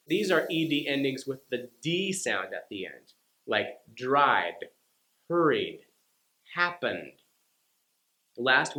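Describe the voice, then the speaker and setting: A man teaching English pronunciation, speaking slowly and deliberately and carefully sounding out example words for learners. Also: medium pitch, pushed and bright. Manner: slow, deliberate, over-articulated demonstrations. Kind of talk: scripted lesson to camera. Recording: roomy echo.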